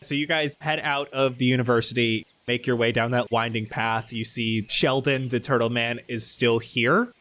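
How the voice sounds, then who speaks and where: A man narrating a tabletop game as dungeon master, with steady, descriptive scene-setting. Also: mid-range voice, moderate pace.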